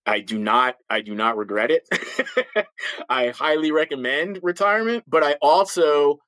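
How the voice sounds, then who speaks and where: A man's voice: a little high, normal speed, fairly bright tone, no room sound, poor audio. A man in his fifties, a retired police officer, telling blunt stories in an interview with a slight lisp and frequent restarts. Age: 50s. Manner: blunt, emphatic, repeats words when starting sentences. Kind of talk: candid interview storytelling.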